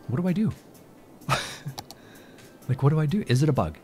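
A man's voice: a little high, very animated, moderate pace, pauses often, a little mellow. A man giving casual, profane and joking commentary on a city-building game. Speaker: let's play host. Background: game music.

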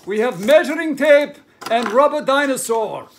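A man's voice: extremely high pitch, moderate pace, exaggerated voice. A father voicing a silly male bear puppet who hosts a home show in broken English, with faint noise behind. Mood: goofy. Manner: broken English, playful, excitable.

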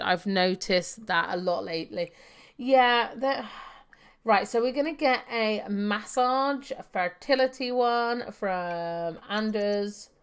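A woman's voice: medium pitch, sharp tone, smooth. A young adult woman giving chatty live gameplay commentary, thinking aloud with fillers and laughing often. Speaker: game streamer.

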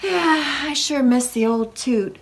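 A woman's voice: high-pitched, a little slow, vocal fry, pitched above the performer's own voice. A cheerful little storybook pig, eager and always full of ideas, as a woman reads him aloud. He stays light and caring toward his moping friend.

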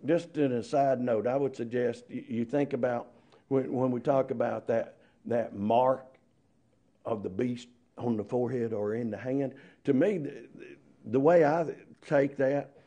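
A man's voice: mid-range voice, unhurried, dark tone, dull audio. A man preaching a sermon, emphatic and full of rhetorical questions.

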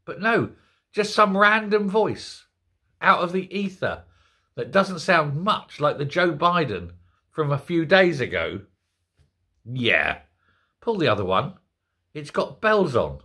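An older man hosting an opinion commentary show, ranting in an animated, incredulous way. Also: fairly high pitch, measured pace, breathy edge. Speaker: host.

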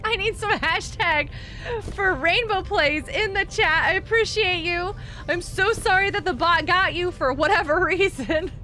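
A woman hosting a live gaming stream, chatting excitably as she plays and reads out and thanks viewers from the chat. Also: extremely high pitch, unhurried.

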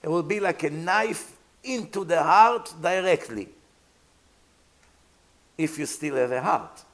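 A man's voice: on the high side, lively intonation, slow, a bit bright, low-quality recording. A man, a rabbi giving a Torah lecture, emphatic and full of rhetorical questions, acting out imagined dialogues.

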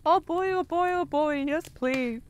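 A woman's voice: sits high, very animated, unhurried, voice pushed up. A woman doing an eager young polar bear.

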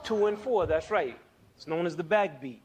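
Host, male: playful music teacher with a slightly high voice who counts beats aloud. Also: animated, normal speed. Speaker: music educator and show host. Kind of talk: scripted music lesson.

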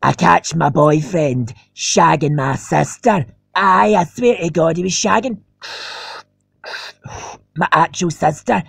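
A man's voice: a little high, slow, a bit bright, no room sound, studio quality, full character voice. A man with a Scottish accent voicing a foul-mouthed female animal who rants crude gossip about her sister. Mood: ranting. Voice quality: gravelly.

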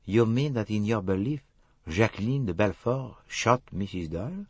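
A man's voice: lowish voice, expressive, moderate pace, darkish tone, slightly rough, no room sound, voice pushed up. A man voicing a suave older male Belgian detective who probes precisely and slyly.

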